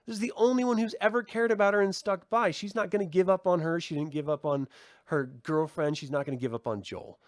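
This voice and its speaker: A man giving a casual review of a TV episode, excitable and gushing, swearing freely and filling his talk with "like". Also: high voice, quick pace, no echo. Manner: excitable, swears, many "like" fillers. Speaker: TV series reviewer. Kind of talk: casual video review commentary.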